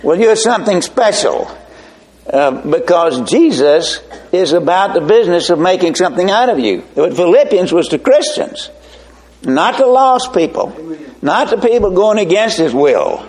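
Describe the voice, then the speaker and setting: A pastor preaching a sermon slowly and emphatically, with folksy asides. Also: male voice, sits high, very animated, a little mellow.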